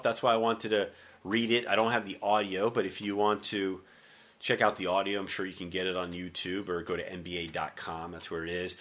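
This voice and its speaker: A man hosting a sports talk radio show, talking in an energetic, joking, conversational way into a studio microphone. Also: fairly low pitch.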